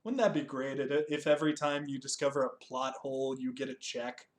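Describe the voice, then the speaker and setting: A man's voice: mid-range voice, level tone, a little fast. A young man hosting a casual chat, joking, swearing freely and laughing often as he reviews a TV special. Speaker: podcast host.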